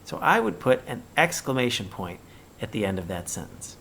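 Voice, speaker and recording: A man teaching young children in a recorded remote lesson, speaking slowly and deliberately and reading example sentences with exaggerated expression. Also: mid-range voice, big pitch swings, vocal fry, a bit bright, slight background noise.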